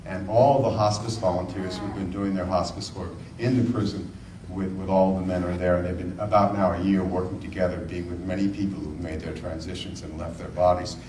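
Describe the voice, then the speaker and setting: A man's voice: deep voice, fairly even intonation, a little fast, darkish tone, slight background noise. A man gives a spiritual talk, retelling a story and turning to his listeners with earnest questions. His voice rings around a roomy space. The mic picks him up from a distance, with faint ambience underneath. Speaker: spiritual speaker.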